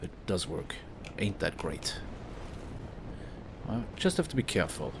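A man from Austria commentating his own gameplay as a gaming YouTuber, swearing, yelling at enemies and laughing at his own mistakes. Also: low-pitched, big pitch swings, measured pace, gravelly, background noise. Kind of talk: let's play commentary.

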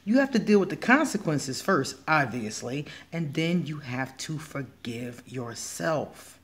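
A man's voice: a little high, expressive, unhurried, fairly bright tone. A man giving blunt, emphatic advice as a spiritual healer in a casual vlog monologue.

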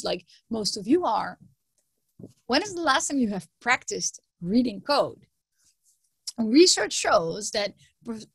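A woman professor gives a conference talk with a fairly high voice. She tells stories in a lively way and doubles words for emphasis. The sound is dry and close, with no room echo. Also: slightly rough. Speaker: computer science professor giving a conference talk.

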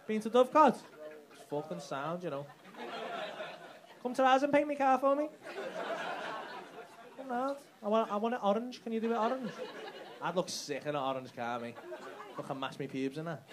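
A man's voice: high voice, sing-song, normal speed, pauses often, noisy background. A man doing brash, sweary stand-up crowd work in a comedy club. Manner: brash, sweary banter with the audience. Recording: live club with loud crowd laughter.

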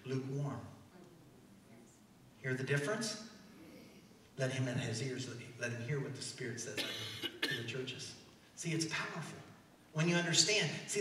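A man with a Midwestern American accent, a pastor preaching an animated sermon that swings between loud declarations and soft asides. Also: on the high side, recorded from a distance, a little hiss or hum. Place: large church hall. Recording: echoey church hall, heard from afar.

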